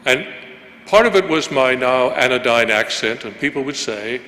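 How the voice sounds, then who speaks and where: A man from Northern Ireland addresses a book launch audience in a reflective, storytelling way, stopping and restarting his sentences as he thinks. His voice is crisp and forceful, and it rings around a live, echoey museum hall with a long tail of reverb and a faint hum of room noise. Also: mid-range voice. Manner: reflective, anecdotal, pauses often mid-sentence. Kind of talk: public speech at a book launch.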